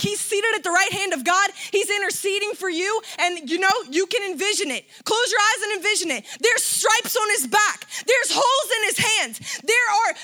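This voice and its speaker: A woman preaching with fervor, her voice very high and bright. She builds emphasis through repetition and urgent declarations. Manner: impassioned, emphatic, repeating phrases. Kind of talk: sermon.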